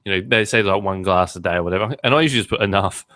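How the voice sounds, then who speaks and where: Joking low-voiced male podcast host. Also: very fast, fairly bright tone, no echo. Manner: joking, chatty, with many fillers. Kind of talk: casual chat.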